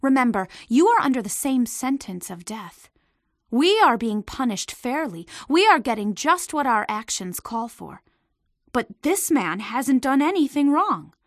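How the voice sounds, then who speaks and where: A woman's voice: fairly high pitch, sing-song, unhurried, no echo, studio quality, full character voice. A woman voicing a remorseful condemned man in a storybook reading, speaking firmly and earnestly.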